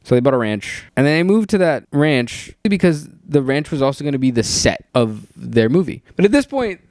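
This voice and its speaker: A young man giving ranting, sarcastic commentary, animated and full of swearing. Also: medium pitch, normal speed, no room sound, clean studio sound. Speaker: YouTuber.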